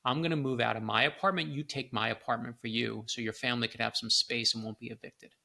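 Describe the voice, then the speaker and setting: A middle-aged man with a bright, gravelly voice tells personal stories as a guest. He acts out the quoted people with lively shifts in his delivery. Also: mid-range voice, fast talker. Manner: animated storyteller, acts out quoted lines. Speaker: author and guest. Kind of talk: storytelling in a conversation.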